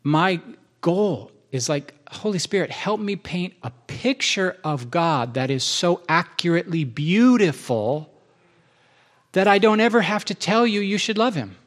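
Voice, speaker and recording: A man's voice: high voice, expressive, unhurried. A man preaching a sermon in a church, enthusiastic and conversational, often restarting his sentences.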